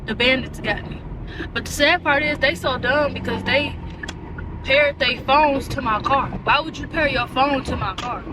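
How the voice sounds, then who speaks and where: A woman's voice: high-pitched, moderate pace, recorded from a distance, noisy background. Exasperated young woman ranting in her car. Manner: animated, exasperated ranting with slang. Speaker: vlogger. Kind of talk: casual chat.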